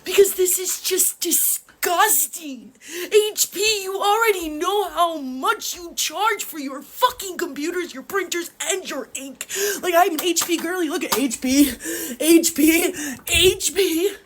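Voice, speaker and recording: A woman's voice: very high voice, measured pace. A young woman ranting furiously while crying, swearing heavily and repeating herself. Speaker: printer owner venting on video. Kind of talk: angry crying rant.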